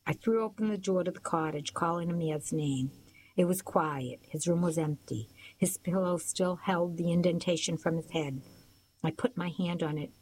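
A woman narrating a first-person novel as an audiobook, in a steady storytelling manner. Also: on the low side, unhurried, a little hiss or hum, rough recording.

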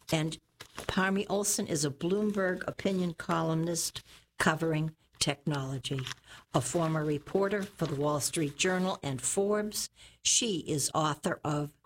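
Female reader, deep and unhurried, careful newspaper reading. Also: slight background noise. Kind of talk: reading opinion columns aloud.

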